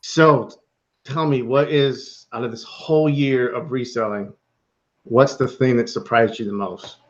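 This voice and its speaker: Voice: mid-range voice, steady tone, a little slow, lo-fi sound. A podcast co-host on a remote call, asking questions and answering with short, supportive agreement. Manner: supportive, brief agreeing replies. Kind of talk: casual chat.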